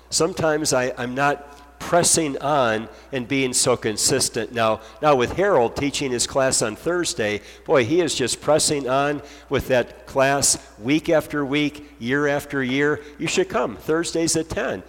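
A man's voice: fairly high pitch, moderate pace. Earnest male pastor preaching in a hall. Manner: earnest, emphatic repetition. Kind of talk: sermon.

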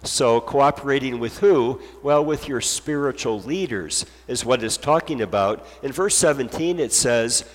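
A man's voice: medium pitch, lively intonation, unhurried, few pauses, big-room sound. A man preaching a sermon as pastor, earnest and emphatic, driving points home with repetition.

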